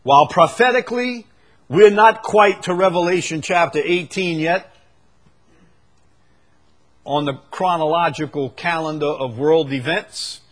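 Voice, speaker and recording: Brief: male preacher, slightly higher pitch, husky tone, builds from hushed lines to booming repeated declarations. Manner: swings from quiet, low asides to loud drawn-out proclamations; repeats phrases for emphasis and reads scripture aloud. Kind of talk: sermon.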